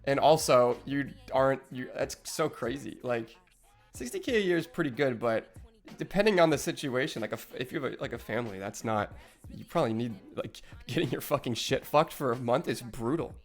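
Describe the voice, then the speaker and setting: A man's voice: mid-range voice, expressive, fairly quick, faint music behind. A young man streaming live, rambling in casual, profane chat with lots of restarts.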